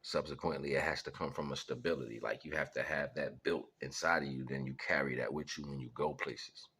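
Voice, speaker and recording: A man's voice: very deep voice, steady tone, brisk, sharp tone, slightly rough. A man talking casually and rambling through life lessons and stories, laughing often and acting out voices. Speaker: vlogger sharing life lessons. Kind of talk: casual storytelling monologue.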